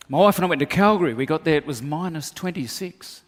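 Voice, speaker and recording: Preaching in a hall with long reverb, this pastor has a slightly high voice and talks a little fast. He tells funny stories with animation, performing each character's voice himself.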